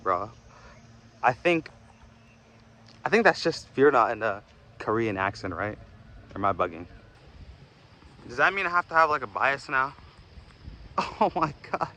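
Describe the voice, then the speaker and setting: A man's voice: mid-range voice, pushed and bright. A young man rambling casually in a vlog, slangy and swearing, calling his viewers bro. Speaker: video essayist.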